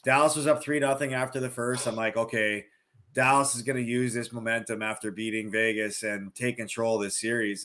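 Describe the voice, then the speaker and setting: Brief: former pro hockey player turned analyst, average-pitched man, animated, teasing storyteller. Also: brisk. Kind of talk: casual sports betting banter.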